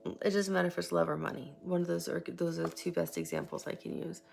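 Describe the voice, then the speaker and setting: A woman giving a casual tarot reading, chatty and rambling, sometimes sinking into a soft whisper. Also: lowish voice, steady tone, fast, vocal fry, faint music behind. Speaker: tarot reader.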